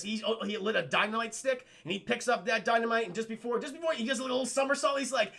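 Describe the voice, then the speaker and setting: A man recapping a film for his stream chat in a casual, excitable and profane way, often speaking to the chat directly. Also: very high-pitched, a little fast, vocal fry. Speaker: livestream film reviewer.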